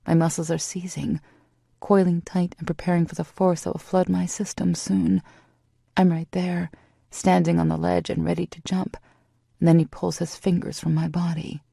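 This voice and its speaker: A woman narrating a first-person romance audiobook in an intimate, steady storytelling manner. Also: fairly low pitch, normal speed, creaky, slightly rough, no echo, studio quality.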